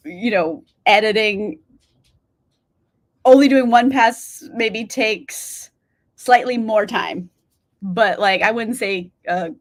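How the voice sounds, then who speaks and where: A woman's voice: mid-range voice, fairly bright tone. A woman in her thirties hosting a casual reading livestream, chatty, swearing casually and laughing often as she reads out chat replies.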